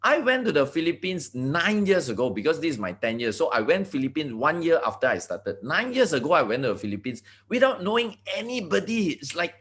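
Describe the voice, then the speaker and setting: A man from Malaysia with a Malaysian English accent, giving an excited motivational talk full of asides and repeated words. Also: fairly high pitch, fairly quick, hardly any pauses. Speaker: network marketing leader. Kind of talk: motivational talk on a video call.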